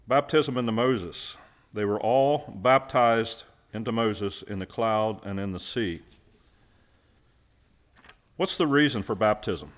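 A man's voice: medium pitch, fairly bright tone. A man preaching a sermon, who puts questions to his listeners and answers them himself, and stresses key words by repeating them.

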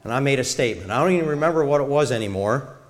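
A middle-aged man giving a sermon-style talk to a church congregation in a measured way, illustrating his points. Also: medium pitch, expressive. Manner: measured, demonstrates tones of voice. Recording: long reverb of a large hall.

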